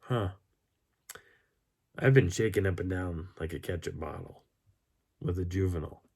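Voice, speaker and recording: A hoarse man with a very low, gravelly voice casually recounting a camping story. He tells it in an animated, amused way and chuckles between details. The fry in his voice rasps under every phrase. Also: moderate pace. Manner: animated, chuckling anecdote-telling. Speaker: channel host.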